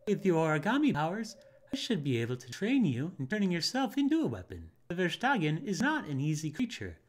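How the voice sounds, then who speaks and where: A man voicing a wary archer who guards a dark forest and warns off strangers. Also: on the high side, wildly swooping pitch, fairly quick, pitched above the performer's own voice. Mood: curious. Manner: stern, warning tone.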